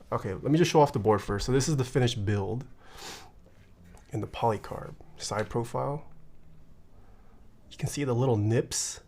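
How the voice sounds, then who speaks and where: Male streamer, unhurried and mid-pitched, casual think-aloud chat that answers viewers. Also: darkish tone, slight background noise. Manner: thinks aloud and reads viewer questions back. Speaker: keyboard builder streaming live.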